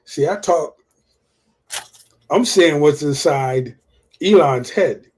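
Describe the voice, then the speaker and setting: A man's voice: a little high, takes it slowly, pauses often, a little mellow. A man hosting a livestream of casual political commentary, profane and repeating his points for emphasis. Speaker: livestream host.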